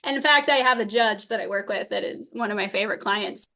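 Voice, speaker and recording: A woman in her thirties, a therapist and podcast guest, telling stories quickly and laughing often. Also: medium pitch, creaky. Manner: fast, lively storytelling, laughs often. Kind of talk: casual interview conversation.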